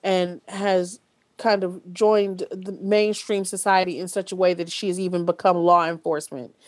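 A woman's voice: lowish voice, little pitch movement, normal speed. Blunt, swearing woman podcast host. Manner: blunt, swears freely, many fillers and restarts. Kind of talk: casual podcast discussion.

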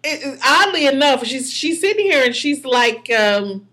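A woman co-hosting a podcast, chatting in a relaxed, rambling way with many ums. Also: sits high, moderate pace. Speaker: podcast co-host. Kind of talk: casual chat.

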